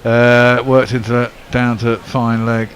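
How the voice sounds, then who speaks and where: A man giving ball-by-ball cricket commentary who chats easily between balls and lifts sharply when the play turns exciting. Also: medium pitch, slow. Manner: excitable bursts on big shots, relaxed chat between balls.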